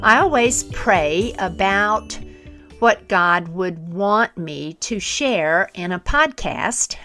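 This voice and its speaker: Slow, expressive woman podcast host. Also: medium pitch. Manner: warm, earnest, encouraging. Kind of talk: storytelling podcast.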